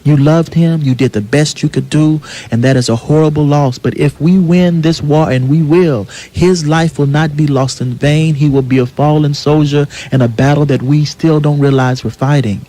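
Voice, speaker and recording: A young American man talks with the rolling, repetitive cadence of a preacher. His voice sits fairly high for a man, and he builds his points through steady repetition on a radio talk show. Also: normal speed, few pauses. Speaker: guest playwright. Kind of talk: impassioned radio interview.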